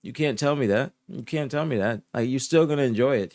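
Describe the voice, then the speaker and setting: A soft-spoken young man chatting casually on a live stream, answering his chat in a laid-back way, dropping to low murmurs and rising to higher protests, often repeating himself. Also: a little fast, no echo. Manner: drifts between low murmurs and higher indignant outbursts. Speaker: streamer reporting esports news.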